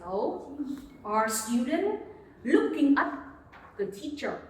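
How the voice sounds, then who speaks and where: A woman's voice: high voice, sing-song, takes it slowly, darkish tone, slight background noise. A woman teaching English to a class, patiently prompting students and repeating words. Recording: echoey classroom from far off.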